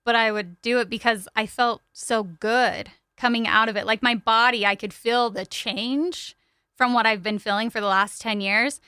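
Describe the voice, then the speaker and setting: A woman talks candidly as a podcast guest, her voice bright and a touch above average in pitch. Her tone is smooth and clean, and she keeps up a loose, chatty flow full of casual fillers. The sound is close and dry, with no room around her. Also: fairly even intonation, moderate pace, no room sound. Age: young adult to middle-aged. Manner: open and chatty, frequent "like" fillers. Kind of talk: candid personal storytelling. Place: podcast studio.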